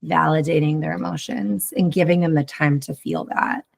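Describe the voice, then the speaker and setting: A woman speaking as a guest in a relaxed, rambling conversation. Her voice is fairly low with a gravelly, fry-laden texture. She talks reflectively and fills her sentences with "like". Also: moderate pace. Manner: rambling, heavy use of "like", reflective. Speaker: podcast guest, mother. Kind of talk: casual conversation.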